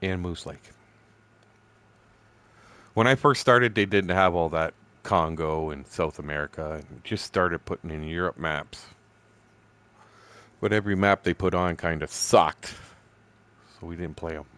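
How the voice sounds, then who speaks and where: A man's voice: deep voice, a little slow, long pauses, a bit bright, dry recording. Profane older man rambling while gaming. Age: 60s. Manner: rambling, profane, laughs through his stories. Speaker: streamer. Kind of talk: casual storytelling while streaming a fishing game.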